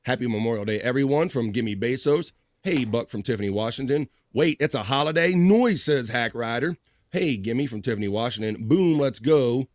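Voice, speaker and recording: A man hosting a live stream in casual chat, reading viewer messages aloud with upbeat, profane shout-outs. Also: medium pitch, lively intonation, moderate pace, no echo.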